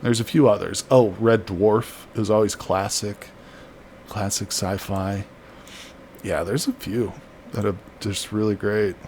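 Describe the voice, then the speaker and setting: Low-voiced man streaming a game. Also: fairly even intonation, measured pace, a little mellow, a little hiss or hum. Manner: chatty, reads chat aloud, laughs easily. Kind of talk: casual live-stream commentary.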